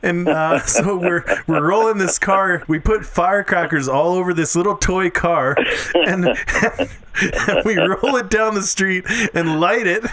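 A man's voice: sits high, fairly bright tone. A man hosting a punk podcast, telling an anecdote in an easygoing, laughing way. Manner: easygoing, laughing, quick agreement. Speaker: podcast host. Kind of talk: casual interview chat.

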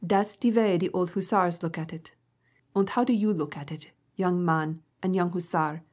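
An old army colonel , read by a woman narrator, booms his patriotic declarations with emphatic stress. The voice stays low and fairly plain in this audiobook reading. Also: steady tone, moderate pace, darkish tone, natural voice. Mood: rousing. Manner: emphatic, table-thumping declarations.

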